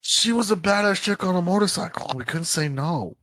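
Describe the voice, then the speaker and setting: Tabletop player, man, blunt joking banter, slightly high voice, dry close mic. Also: animated, fairly quick, a bit bright, no echo. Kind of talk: casual in-character banter.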